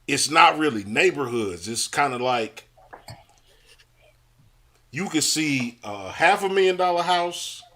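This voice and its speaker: A man's voice: a little high, lively intonation, slow, long pauses, pushed and bright. A man co-hosting a podcast, chatting in a laid-back, conversational way. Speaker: podcast co-host. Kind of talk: casual chat.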